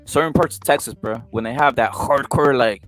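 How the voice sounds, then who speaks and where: A man co-hosting a casual slangy chat, eager and quick to cut in with repeated words. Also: medium pitch, fairly bright tone, soft background music. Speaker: podcast co-host.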